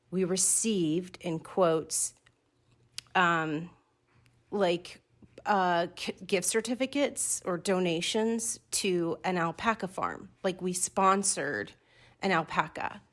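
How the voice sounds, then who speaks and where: A woman hosting a podcast in a lower register, chatty and excitable. She laughs at herself as she rambles toward her point. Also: slow. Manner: chatty, excitable, self-deprecating. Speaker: podcast host. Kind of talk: casual solo podcast talk.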